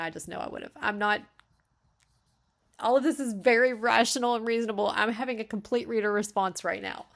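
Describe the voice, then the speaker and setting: Gravelly-voiced woman thinking aloud. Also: medium pitch. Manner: thinks aloud, chatty and self-interrupting; reacts with loud, lively asides. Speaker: beta reader. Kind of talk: reading a manuscript aloud and critiquing it.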